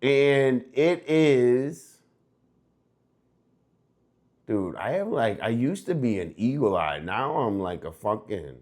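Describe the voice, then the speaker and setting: A man's voice: mid-range voice, sing-song, slow, pauses often, darkish tone. A young American man hosting a casual livestream, laid-back and rambling, breaking into hyped, sing-song bits. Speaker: livestream host.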